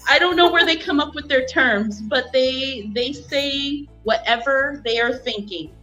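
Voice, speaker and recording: A woman's voice: high-pitched, a little slow, hardly any pauses, bright, forceful tone, lo-fi sound, faint music behind. A woman chatting casually on a live stream, telling stories and acting out what people say, laughing often. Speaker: guest.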